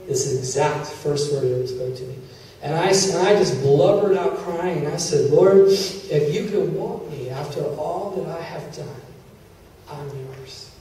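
A man's voice: a little high, normal speed, dark tone. Man preaching in a very echoey hall. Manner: emotional storytelling, quoting God and others in dialogue. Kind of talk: sermon testimony. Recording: very echoey hall, distant mic, faint hiss.

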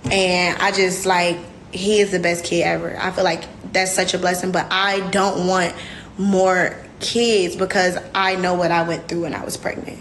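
A woman's voice: fairly low pitch, flat delivery, normal speed, a bit bright. Young woman, candid livestream chat, faint background noise. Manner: candid, emotional, addresses viewers as y'all. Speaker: livestream host.

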